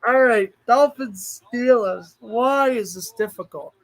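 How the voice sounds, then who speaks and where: A man hosting a casual livestream, chatting and thinking aloud, with sudden bursts of excitement. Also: very high voice, slow pace, rough recording. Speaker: streamer host.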